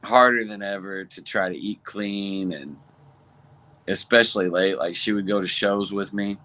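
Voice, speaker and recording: Co-host, man, lowish voice, easygoing relaxed conversational telling. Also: moderate pace. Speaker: podcast co-host. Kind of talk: casual chat.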